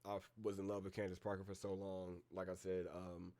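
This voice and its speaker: A man's voice: deep voice, completely flat delivery, mellow. A man hosting a casual live-stream reaction, talking in a slangy, rambling way and calling his listeners bro. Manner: reads down a list of names with filler pauses.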